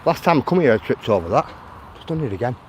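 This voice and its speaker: A man's voice: medium pitch, big pitch swings, fast talker, darkish tone, slight background noise. Chatty Lancashire man on a walk. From Lancashire, England. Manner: chatty, answers viewers' chat and calls them mate and guys. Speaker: live-stream host. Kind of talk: casual walking live stream. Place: outdoors in a town, near traffic.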